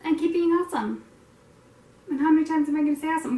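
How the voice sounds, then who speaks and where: A woman's voice: high-pitched, fast, mellow. A woman hosting a casual painting tutorial, chatty and rambling with lots of fillers, poking fun at herself. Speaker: art tutorial host. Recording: echoey room, distant mic, faint noise.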